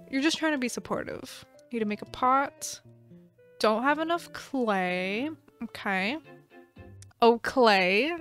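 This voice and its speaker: Through a desk mic, a young woman in her twenties who hosts a gaming channel rambles about what she's playing, giggling and teasingly scolding the game's characters. Her voice sits on the high side, with a fairly bright, clear, and resonant tone.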